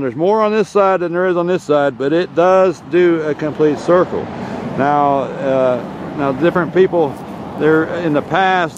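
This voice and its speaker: A man's voice: mid-range voice, a little hiss or hum. Folksy man vlogging outdoors. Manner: folksy, meandering, playful. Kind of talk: casual outdoor vlog narration. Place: outdoors in a rural yard.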